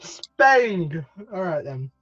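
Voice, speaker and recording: A man's voice: sits high, very animated, extremely slow, a bit bright, no room sound, lo-fi sound, soft background music. A teenage boy from the UK hosting a casual podcast over a video call, laughing often, his voice cracking upward now and then. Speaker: podcast host.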